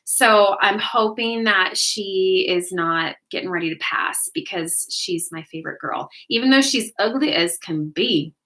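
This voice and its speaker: A woman's voice: mid-range voice, unhurried, hardly any pauses, sharp tone. A woman hosting a casual livestream, chatting easily and laughing often as she reads out and answers viewers' comments. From United States. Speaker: livestream host.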